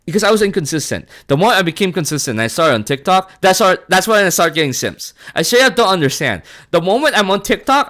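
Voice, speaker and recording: A man from the Philippines, chatting casually on a live stream, animated and laughing often, swearing and saying bro a lot. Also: on the high side.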